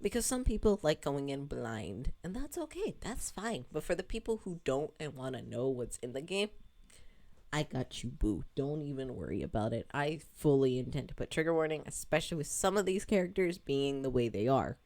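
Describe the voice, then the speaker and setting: A woman's voice: deep voice, very animated, normal speed, a little mellow. A woman streamer chatting casually to her chat about her game, rambling, laughing often and swearing casually.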